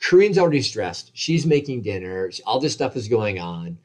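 A man in his forties in casual conversation, telling a story about his own injuries in an animated, self-deprecating way and acting out the voices of others. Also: fairly low pitch, moderate pace.

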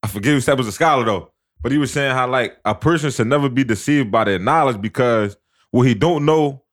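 A young man telling a personal story in casual slang, repeating himself and restarting often. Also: mid-range voice. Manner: repetitive, halting slangy storytelling.

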